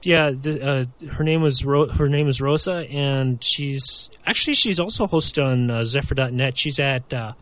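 A man's voice: mid-range voice, normal speed, few pauses, a bit bright, dry recording. A man co-hosting a casual podcast chat, rambling with lots of fillers and laughs. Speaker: podcast co-host.

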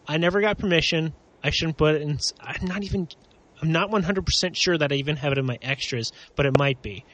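A man's voice: a little high, fast talker, a bit bright, slight background noise, rough recording. A man co-hosting a casual chat about webcomics, rambling and self-deprecating with many restarts. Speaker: webcomic artist and podcast co-host.

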